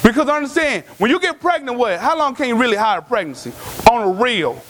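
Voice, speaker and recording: High-voiced, animated male preacher. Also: fairly quick, slight background noise. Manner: animated, preachy, shouts for emphasis. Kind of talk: sermon.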